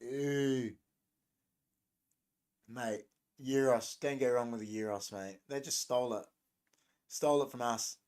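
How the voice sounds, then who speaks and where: A man's voice: medium pitch, normal speed, darkish tone. A young adult man, hosting a casual livestream, rambling and joking as he reacts to viewers' chat comments. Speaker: livestream host. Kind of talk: casual live-stream chat.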